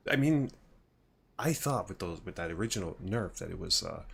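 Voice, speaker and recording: Low-pitched and a bit bright, this man's voice comes with a slight hiss or hum in the background. He's livestreaming a game, chatting loosely with viewers while cursing freely and wandering from thought to thought.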